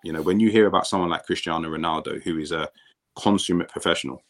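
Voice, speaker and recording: A man with a very low, deep voice talks easily as a podcast guest, a former pro footballer looking back on his playing days. He tells his stories in a relaxed, conversational way and often doubles up words when he starts a sentence. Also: fast. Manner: relaxed storytelling, repeats words as he restarts. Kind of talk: casual podcast chat.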